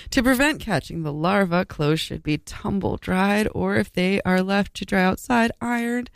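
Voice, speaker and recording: A woman's voice: medium pitch, normal speed, gravelly, clear, resonant tone, no echo. A young woman co-hosting a casual podcast, reading an article aloud and groaning and swearing in disgust as she goes. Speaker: podcast co-host.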